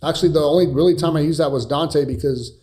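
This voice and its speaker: A young California cybersecurity streamer chats through a live Q&A, taking viewer questions in a rambling way with lots of fillers and restarts, and is sometimes blunt and swears. He talks fast, with a fairly high pitch and a dark tone.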